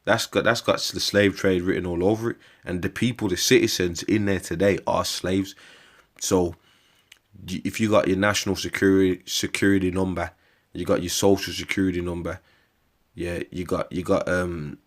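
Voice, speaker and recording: Male preacher, deep-pitched, rambling, crude, casual street-style scripture talk. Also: flat delivery. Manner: rambling and profane, often calls listeners "bruv" and "mate"; slows down to read long scripture lists. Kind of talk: informal scripture preaching to camera.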